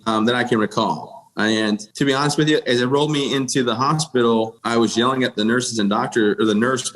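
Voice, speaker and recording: A man's voice: mid-range voice, fairly bright tone, low-quality recording. A man in his thirties from the United States, a military veteran guest telling his personal story in a podcast interview in a plain-spoken, matter-of-fact way with dry self-deprecating humor.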